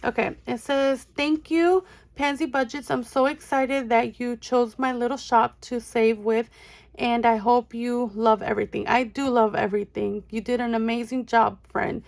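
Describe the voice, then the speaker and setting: A woman's voice: on the high side, moderate pace, gravelly. A young woman, chatting casually and gushing as she shows off giveaway items to her viewers. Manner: gushing, excitable, calls viewers friends. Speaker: budgeting channel host. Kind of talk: casual unboxing chat.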